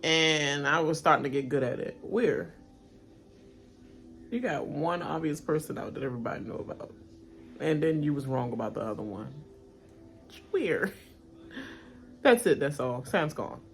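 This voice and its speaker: Chatty woman reacting with lively swings. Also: normal speed, creaky, long pauses, a little hiss or hum. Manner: chatty, laughs often, acts out cast members' lines in high squealing voices. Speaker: reaction channel host. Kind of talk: casual live-watch reaction commentary.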